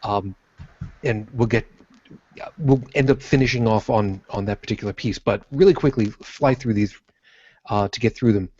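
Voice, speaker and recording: A man's voice: lowish voice, darkish tone, slightly rough, no room sound. A man hosting a podcast reads through viewer questions, stopping often with "uh." His voice is dry, with no room sound, and it comes over a dull, lo-fi call. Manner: halting, many "uh" fillers. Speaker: podcast host. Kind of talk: casual chat, reading viewer questions.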